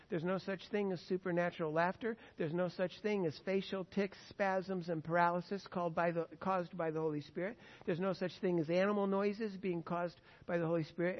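A man preaching a sermon as a pastor, telling anecdotes in a conversational way and acting out quoted voices. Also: sits high. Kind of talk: sermon with storytelling. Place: church sanctuary. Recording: muffled church recording with long reverb.

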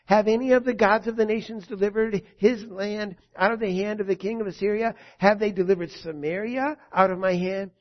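A preacher voicing a boastful, threatening male royal envoy, loud and proclaiming. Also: sits high, steady tone, brisk, hardly any pauses, voice pushed up, close to an everyday voice. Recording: dull lo-fi recording.

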